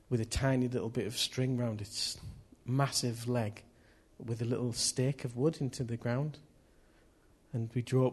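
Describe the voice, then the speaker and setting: A man's voice: mid-range voice, slightly rough. A man preaching a sermon in a chatty, jokey way, laughing at himself as he tells stories.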